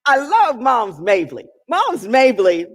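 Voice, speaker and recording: A minister preaching a sermon with emphatic delivery, drawn-out key words and sudden loud calls. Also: medium pitch, sing-song, faint music behind. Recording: long reverb in a large hall.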